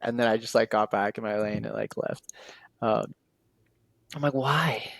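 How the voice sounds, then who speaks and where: A man's voice: on the low side, level tone, normal speed, creaky, no room sound. A man talking in a casual podcast conversation as the series guest, telling stories with lots of "like" fillers and quoted dialogue.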